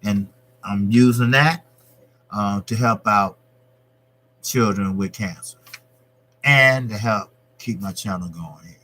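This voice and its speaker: A man's voice: on the low side, slow, long pauses, pushed and bright. A man hosting his own boxing channel, talking on a live stream in a loose, profane, repetitive way. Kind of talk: casual live-stream rant.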